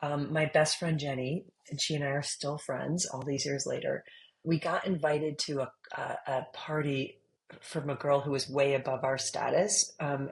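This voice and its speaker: A middle-aged woman, an author being interviewed, telling stories in a lively, laughing way that jumps high when she gets worked up. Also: rough recording. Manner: animated, laughing storyteller, squeals when retelling. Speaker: author guest. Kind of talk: casual storytelling interview.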